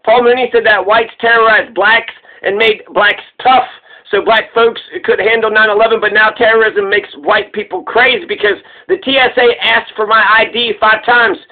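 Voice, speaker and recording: A man's voice: high-pitched, fairly even intonation, moderate pace. A man rambling in a casual, profane and joking way while he comments on a comedian. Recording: tinny phone-like sound.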